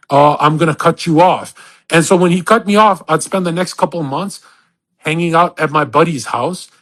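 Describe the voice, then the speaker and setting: A man with a fairly high, husky voice rants in a live audio chat. He is brash and profane, and he rambles with restarts. He slips into quick, mocking impressions of other people. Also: a bit bright. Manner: boastful, crude and profane; rambling, with many restarts and acted-out quotes.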